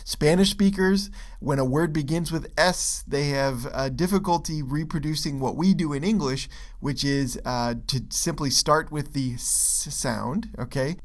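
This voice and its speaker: A man's voice: on the high side, a little slow, hardly any pauses. A man teaching English pronunciation in a video lesson, explaining step by step and checking in often with "okay?" and "right?". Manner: relaxed, with frequent fillers and restarts.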